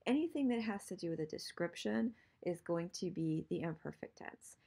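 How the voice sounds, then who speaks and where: Woman, Spanish teacher, fairly low voice, patient, slows down on examples. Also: expressive, vocal fry, warm tone. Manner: patient, repeats examples slowly. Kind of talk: online grammar lesson.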